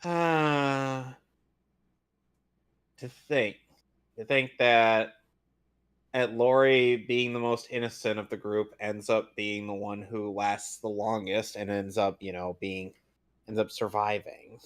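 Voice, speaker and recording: A man's voice: fairly low pitch, fairly even intonation, slow, pauses often, clean tone. A man co-hosting a casual movie chat, blunt and opinionated, swearing casually. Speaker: podcast co-host.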